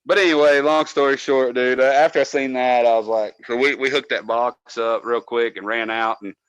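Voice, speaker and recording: A man in his own casual storytelling voice, mid-pitched and swearing freely. The sound is dry and close to the mic, with no room around it. He gets loud and animated whenever he quotes someone. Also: normal speed, clear, resonant tone, no room sound, low-quality recording. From North Georgia. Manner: profane, animated, acts out quotes loudly. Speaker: podcast co-host, former cable tech.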